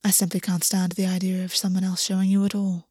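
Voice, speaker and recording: Woman voicing a tender soft-spoken man. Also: lowish voice, little pitch movement, fast, slightly rough, dry recording, clean studio sound. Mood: tender, heavy. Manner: hushed and soft.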